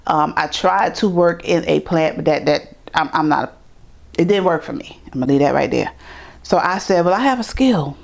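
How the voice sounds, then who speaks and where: Lively storytelling woman, low voice. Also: moderate pace, creaky. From New York. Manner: animated, acts out quoted voices, repeats words. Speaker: interview guest. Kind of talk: storytelling in conversation.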